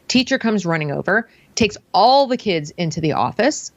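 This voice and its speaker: A woman guest telling a story casually in conversation, animated, and switching her voice when she quotes others. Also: brisk, dry recording, muffled recording. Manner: animated, acts out others' words with shifting pitch. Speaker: guest, parent and former teacher.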